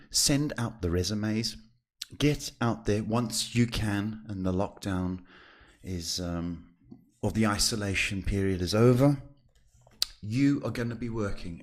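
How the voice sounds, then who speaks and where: A man hosting a live psychic reading podcast, talking in a reassuring, chatty way with drawn-out emphasis and many fillers. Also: on the low side. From South Africa. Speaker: psychic host.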